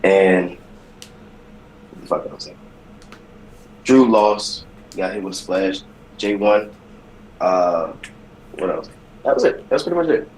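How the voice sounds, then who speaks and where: A man's voice: low voice, animated, unhurried, pauses often, darkish tone, slight background noise, rough recording. A man co-hosting a casual wrestling podcast, loose and rambling, swearing freely. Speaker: podcast co-host.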